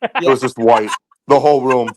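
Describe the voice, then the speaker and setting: A man's voice: medium pitch, normal speed, noisy background. Laughing man telling stories. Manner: rambling, laughs often between lines. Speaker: podcast guest, tournament angler. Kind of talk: casual storytelling chat.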